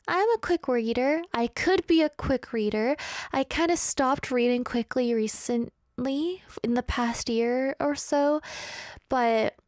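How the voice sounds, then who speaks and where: A woman's voice: on the high side, a little mellow, dry recording. A woman radio host chatting casually and reading out listener messages, playful and self-mocking. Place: radio studio.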